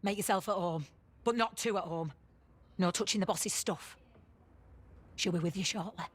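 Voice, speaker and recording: A woman's voice: medium pitch, moderate pace, slight background noise, natural voice. An actress playing a hostile female barmaid, curt and threatening.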